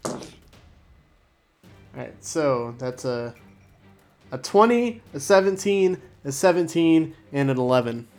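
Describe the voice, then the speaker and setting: Slow-paced man running the game. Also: on the high side, soft background music. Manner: calm, unhurried scene narration with chuckles. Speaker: game master. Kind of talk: narrating a tabletop game.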